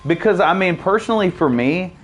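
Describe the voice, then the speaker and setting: A man's voice: high-pitched, animated, a little fast, slightly rough. A man giving casual, rambling gameplay commentary, joking and laughing at his own jokes. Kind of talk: casual let's-play chat.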